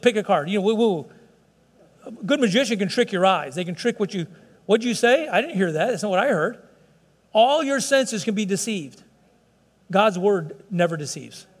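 A man preaching a sermon as pastor, impassioned, swinging from loud emphasis to quiet asides. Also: sits high. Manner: impassioned, rising and dropping sharply for emphasis. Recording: reverberant hall.

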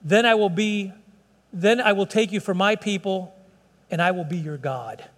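A pastor with a high voice delivers an earnest, pleading sermon, stumbling and restarting his phrases as he goes. His voice rings out in a church sanctuary, carried by a long reverb. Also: moderate pace.

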